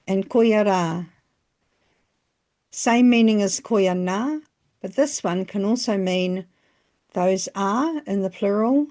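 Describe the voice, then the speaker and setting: Slow, careful New woman teaching. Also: mid-range voice, darkish tone. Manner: slow, careful phrasing with pauses between examples. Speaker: language teacher. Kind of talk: scripted lesson narration.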